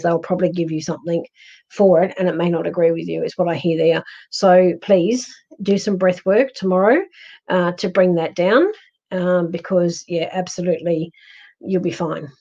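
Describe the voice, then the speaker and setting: A woman's voice: lowish voice, warm tone, muffled recording. An Australian woman hosting a psychic livestream, chatty and reassuring as she reads out viewer comments, with plenty of ums and restarts. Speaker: psychic medium livestream host. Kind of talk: live-stream chat reading viewer comments.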